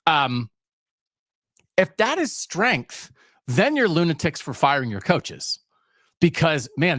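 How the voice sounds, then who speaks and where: Male podcast host, sarcastic ranter, animated and a bit high, close dry sound. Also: slow, pauses often, dry recording. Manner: sarcastic, emphatic, ranting. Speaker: sports talk podcast host. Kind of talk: solo sports rant.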